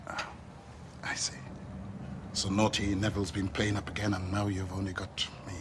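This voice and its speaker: A man's voice: deep voice, monotone, moderate pace, noisy background, close to an everyday voice. An actor playing a wry, cautious father in a 1980s TV soap, with a hesitant manner. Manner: wry, hesitant, soft laughs.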